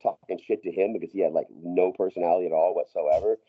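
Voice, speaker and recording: A man's voice: sits low, steady tone, quick pace, slightly rough, phone-quality sound. A man telling a long story as a podcast guest, profane and rambling, with many restarts and laughs. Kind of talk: casual storytelling.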